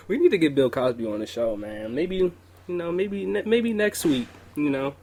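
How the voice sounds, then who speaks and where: A young man co-hosting a laid-back podcast, cracking jokes and swearing freely. His voice sits a little higher than most men's, and he laughs often. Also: sing-song, moderate pace, darkish tone. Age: young adult. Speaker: podcast co-host. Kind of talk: casual chat.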